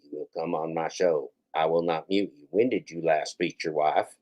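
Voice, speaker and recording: A man putting on a mock impression of a pompous, commanding male streamer, speaking in slow, imperious declarations. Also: extremely low pitch, fairly even intonation, darkish tone, pitched below the performer's own voice.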